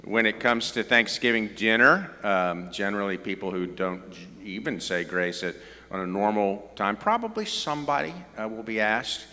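Southern pastor preaching in a reverberant hall. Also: male voice, on the low side, moderate pace, pushed and bright, a little hiss or hum. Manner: conversational, joking asides. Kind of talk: sermon.

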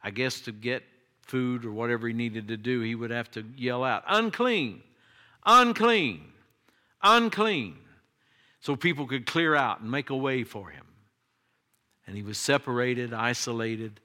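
A man preaching a sermon, emphatic, his voice jumping high when he quotes cries and pleas. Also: fairly even intonation, moderate pace, fairly bright tone. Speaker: pastor.

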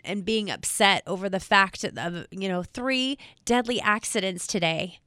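A woman's voice: medium pitch, a bit bright, no echo. Emotional woman speaking earnestly, dry sound. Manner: earnest, halting, repeating herself. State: emotional, near tears. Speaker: state trooper spokesperson. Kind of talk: emotional direct-to-camera talk.

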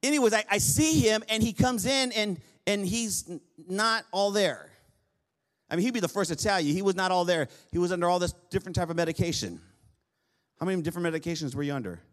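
Male pastor, high voice, chatty storytelling sermon with playful asides. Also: animated, fast. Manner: conversational storytelling, repeats and restarts phrases; humorous asides to the congregation.

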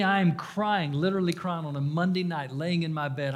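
A man preaching a sermon, sharing his own testimony earnestly, rising to loud emphasis and dropping to hushed, quiet passages. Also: a little high, fairly even intonation, a little fast, hardly any pauses. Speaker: pastor.

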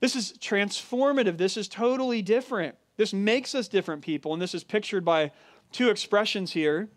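High-voiced man preaching earnestly. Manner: earnest, emphatic preaching with deliberate slowed stresses. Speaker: pastor. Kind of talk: sermon.

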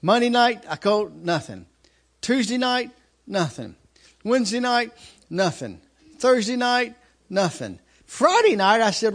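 A man preaching a sermon, telling a story with shouted outbursts and laughter. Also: sits high, sing-song, unhurried.

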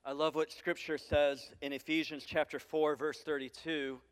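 A male pastor preaching a sermon to a large congregation, animated and acting out the voices he quotes. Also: on the high side, moderate pace, clean tone, big-room sound. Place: large church hall.

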